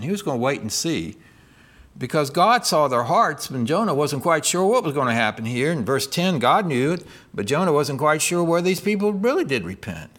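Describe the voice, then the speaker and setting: A middle-aged male pastor preaching a sermon, reading scripture aloud and asking his listeners questions. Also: fairly high pitch. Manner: expressive preaching, voicing scripture and God's lines, asks the congregation questions.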